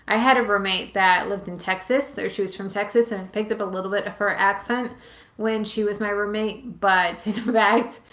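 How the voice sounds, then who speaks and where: A woman's voice: medium pitch, fairly even intonation, moderate pace, a bit bright. A woman in her late twenties from Massachusetts, hosting a casual live Q&A from home and rambling through viewer questions with plenty of "like" and "um". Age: 20s. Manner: rambling, with many "like" and "um" fillers. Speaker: channel host answering viewer questions. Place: at home with her pets nearby. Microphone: webcam or phone on a livestream. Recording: echoey room.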